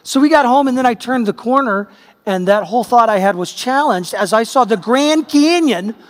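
A man's voice: extremely high pitch, animated, normal speed, big-room sound. A middle-aged man preaching a sermon, telling a personal story in a conversational way that builds to emphatic peaks. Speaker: pastor.

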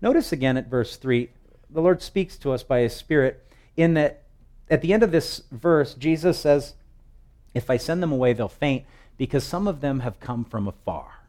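A male pastor preaching a sermon. His voice swells with emphasis, and he slows down to read scripture. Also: mid-range voice, expressive, warm tone. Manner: preaching with rising emphatic swells and slow, drawn-out scripture readings.

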